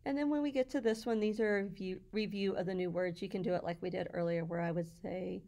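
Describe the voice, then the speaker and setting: A woman teacher walking through her classroom slides in a patient, explanatory way, sounding out words slowly. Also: medium pitch, fairly even intonation, mellow.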